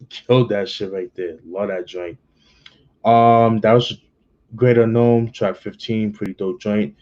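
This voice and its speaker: A man's voice: lowish voice, steady tone, a little slow, a little mellow, dull audio. Laid-back slangy man reviewing an album. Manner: laid-back, slangy, many fillers and restarts. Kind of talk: casual spoken album review.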